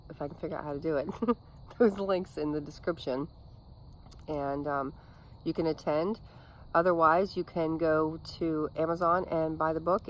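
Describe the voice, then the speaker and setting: A middle-aged woman recording a casual evening video outdoors, reading her own memoir chapter aloud in an earnest, unhurried way, with frequent ums and small restarts. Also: low voice, a little hiss or hum, rough recording. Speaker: author reading from her book.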